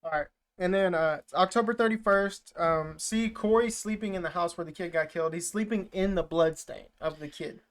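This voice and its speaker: A man's voice: high-pitched, moderate pace, few pauses. A man co-hosting a podcast, casually retelling a film plot in a rambling way, full of filler words and casual swearing. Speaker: podcast co-host. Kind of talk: casual movie recap chat.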